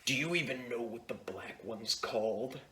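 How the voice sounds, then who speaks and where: Brief: blunt, sulky little girl, put on by a young man in a bright voice. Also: extremely low pitch, normal speed.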